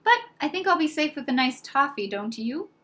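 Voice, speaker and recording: A woman's voice: high voice, sing-song, a little fast, bright, forceful tone, pitched above the performer's own voice, full character voice. A woman voicing a dreamy, whimsical old male headmaster in a storybook reading. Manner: dreamy, playful.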